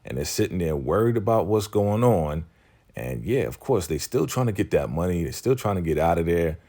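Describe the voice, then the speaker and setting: A man with a low, deep voice recaps a TV episode in a loose, slangy way. He keeps slipping into the characters' lines as he talks. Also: big pitch swings, moderate pace, dark tone. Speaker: TV recap YouTuber.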